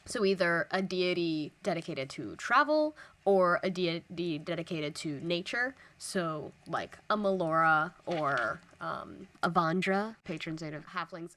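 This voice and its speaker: A podcast co-host with a fairly low, slightly bright voice talks animatedly and a little slowly, barely pausing. She chats casually about building a fantasy setting on a tabletop gaming show, eager and self-described as nerdy, with plenty of filler words.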